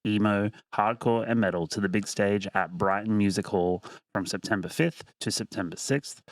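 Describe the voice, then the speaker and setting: A man's voice: fairly low pitch, dry recording. An Australian man co-hosting a music podcast, laid-back and casual, laughing often and swearing offhandedly. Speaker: podcast co-host.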